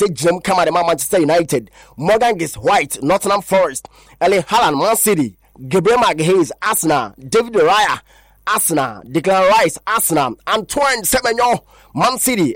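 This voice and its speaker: The host of this radio sports chat has a Ghanaian accent and a voice on the high side, recorded at studio quality with no room sound. He drifts through strings of player names, changing languages along the way.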